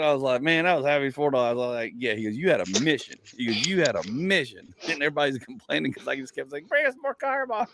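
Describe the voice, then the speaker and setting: A man, a comedian and podcast host, telling a rambling story in casual chat. He laughs at his own stories and his voice jumps up in pitch. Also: fairly bright tone, slight background noise.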